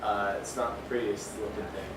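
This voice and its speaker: A man's voice: on the low side, flat delivery, fairly quick. A young man giving a student class presentation and demo in a casual, hesitant way, full of fillers. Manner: casual, hesitant, many fillers, chuckles at glitches. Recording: distant mic with clear background noise.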